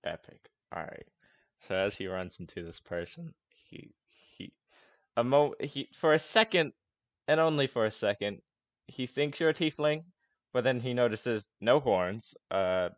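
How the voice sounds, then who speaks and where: Casual swearing game master, dry close sound. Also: male voice, mid-range voice, lively intonation, a little slow, dry recording, dull audio. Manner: casual, hesitant, swears often, laughs. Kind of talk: narrating a tabletop game.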